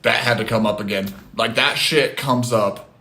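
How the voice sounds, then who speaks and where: Man, casual live-stream chat, phone mic, animated, swears casually, average pitch. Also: normal speed.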